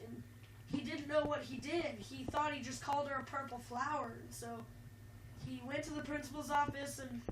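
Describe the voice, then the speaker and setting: High-voiced woman telling a rambling story. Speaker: video host. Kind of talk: casual chat and storytelling. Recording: roomy, distant, noisy mic.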